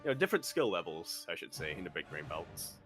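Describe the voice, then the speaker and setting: A man co-hosting an esports podcast, chatting casually with jokey, animated asides. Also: deep voice, fast talker, soft background music. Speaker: podcast co-host.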